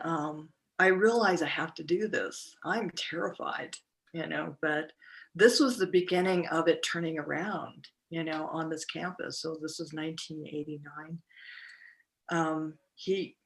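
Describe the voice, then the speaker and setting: Middle-aged woman, podcast guest, personal storytelling, halting, lots of ums and restarts. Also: low-pitched. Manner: halting, many fillers and restarts.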